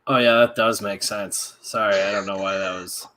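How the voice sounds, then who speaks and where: A man's voice: fairly low pitch, steady tone, moderate pace, bright, forceful tone. A man hosting a casual podcast giveaway, rambling and easily distracted, apologizing for his own slips. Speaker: podcast host running a giveaway. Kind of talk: casual chat.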